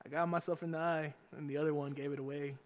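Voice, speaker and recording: A young man co-hosting a podcast, telling a story in a casual, animated and profane way, laughing often and acting out the voices of the people in it. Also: fairly high pitch, quick pace, highs cut off. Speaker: podcast co-host.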